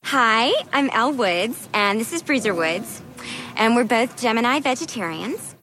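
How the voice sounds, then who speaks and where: A cheerful, bubbly young woman with a high-ish, gleaming bright voice. She sounds perky and sunny, and upbeat from start to finish. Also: animated, unhurried, exaggerated voice.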